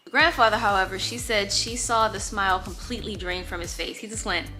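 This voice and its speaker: A young woman telling a dating story in a casual, animated way, acting out the quotes and swearing freely. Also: mid-range voice, brisk, faint music behind. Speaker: storytime vlogger.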